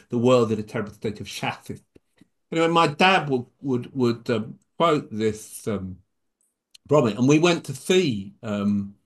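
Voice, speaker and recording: An English poet with a wry, dry humor reads a comic verse in a middle-pitched voice. Between poems he turns halting and chatty, full of pauses and restarts. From England. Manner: wry, hesitant between poems, animated when reciting. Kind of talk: poetry reading and chat.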